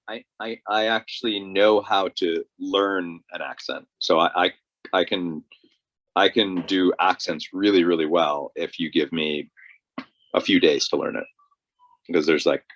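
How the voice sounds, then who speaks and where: A man co-hosting a casual chat, explaining things in a halting way and often repeating his words. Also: sits low, steady tone, fairly bright tone, dry recording. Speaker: podcast co-host. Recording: dull lo-fi recording.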